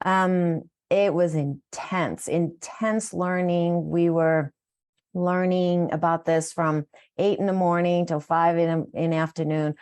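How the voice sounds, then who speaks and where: Middle-aged woman coach rambling warmly thru a story on a call, lowish voice. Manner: heartfelt, rambling, restarts sentences. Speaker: wellness coach hosting a live call. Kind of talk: casual storytelling on a recorded call. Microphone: call recording.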